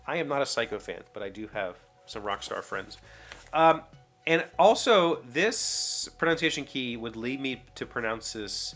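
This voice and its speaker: Chatty, bright-voiced man vlogging. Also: mid-range voice, lively intonation, normal speed, faint music behind. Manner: rambling, self-correcting, chatty. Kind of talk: casual daily vlog monologue. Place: home workshop.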